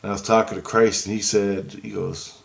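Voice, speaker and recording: A man with a low, gravelly voice tells a rambling story straight to camera. He gets excitable as he goes and keeps quoting each side of a conversation back and forth. It has the loose, unscripted feel of a casual vlog monologue. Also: a little fast. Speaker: vlogger.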